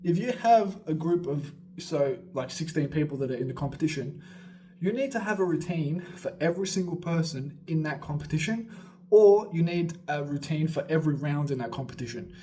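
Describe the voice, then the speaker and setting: Fairly quick and a little high, this man's voice carries casual, energetic coaching for beatboxers. He rambles, swears freely, adds laughing asides, and sometimes moves about mid-sentence.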